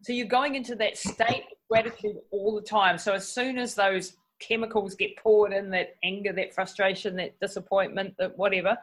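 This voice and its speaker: A woman's voice: medium pitch, fairly even intonation, moderate pace, hardly any pauses. A woman interviewing a guest, giving short affirmations and then summarizing his point in a conversational way. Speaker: interviewer host. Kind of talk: casual interview.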